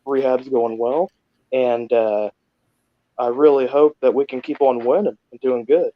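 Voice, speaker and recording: A man's voice: medium pitch, fairly even intonation, measured pace, no room sound. A man calling into a fan stream, talking hesitantly with many "uh"s. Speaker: caller. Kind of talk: casual chat. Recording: dull dry call audio.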